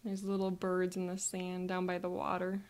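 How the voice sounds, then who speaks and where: A woman narrating a calm guided visualization in the first person, speaking softly and sometimes slipping into breathy whispers. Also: fairly low pitch, moderate pace.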